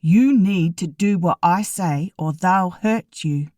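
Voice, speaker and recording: A woman reading an audiobook, voicing a worried older male doctor who speaks firmly and slowly. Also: on the low side, a little mellow, dry recording, clean studio sound, natural voice. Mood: insistent.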